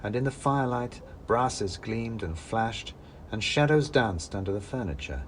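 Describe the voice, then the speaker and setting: A man's voice: lowish voice, lively intonation, a little slow, a little hiss or hum. A man narrating a fantasy story in the first person with wry, dry humor. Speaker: narrator and author-reader.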